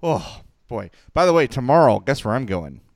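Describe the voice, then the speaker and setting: A man co-hosting a sports podcast, talking in an animated, excitable way in casual chat. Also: medium pitch, moderate pace, gravelly, no room sound, studio quality. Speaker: podcast co-host.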